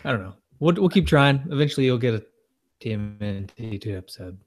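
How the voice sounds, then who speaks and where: A man's voice: medium pitch, animated, fairly quick. An easygoing man co-hosts a casual podcast. He laughs easily and lets his sentences trail off. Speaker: podcast co-host.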